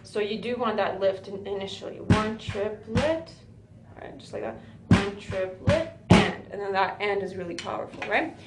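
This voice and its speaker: A woman's voice: medium pitch, fast talker, over loud music. A woman teaching a drum lesson, talking patiently and often checking with "right?". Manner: patient, counts beats aloud, says "right?" often. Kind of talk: music lesson for a student. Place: music school room with a drum kit. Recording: echoey room with loud drums. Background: drum playing.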